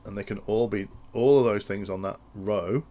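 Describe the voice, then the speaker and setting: A man's voice: on the low side, moderate pace, mellow, dull audio. A man explaining industrial control logic in a tutorial, thinking aloud and often restarting his sentences. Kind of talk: technical tutorial walkthrough.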